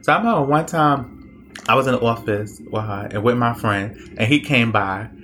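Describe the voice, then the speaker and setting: A man's voice: mid-range voice, normal speed, a bit bright, slight background noise. A young man casually telling a story about his own past in a rambling, conversational way, full of fillers and restarts.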